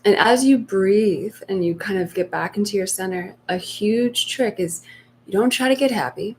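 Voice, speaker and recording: A woman giving spiritual coaching on a live stream, speaking softly and slowly and sometimes voicing inner fears in a hushed tone. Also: medium pitch, a little hiss or hum. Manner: soft, slow and reflective, acting out inner voices in hushed tones. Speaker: meditation coach.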